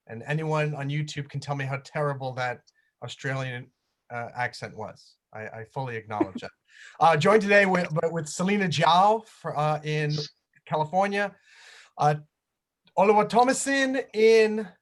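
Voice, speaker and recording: A man's voice: on the high side, lively intonation, moderate pace. A man hosting a virtual tour over a video call, chatty and jokey. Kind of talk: casual chat on a video call.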